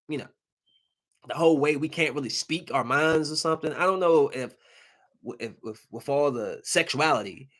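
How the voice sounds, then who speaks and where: A man hosting a podcast, delivering a comedic monologue that swings between loud outbursts and low, muttered asides. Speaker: podcast host.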